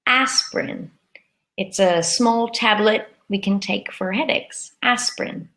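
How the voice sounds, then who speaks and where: A woman teaching a live English lesson, saying words slowly and carefully and repeating them for learners. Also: medium pitch, steady tone. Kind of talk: live-streamed grammar lesson.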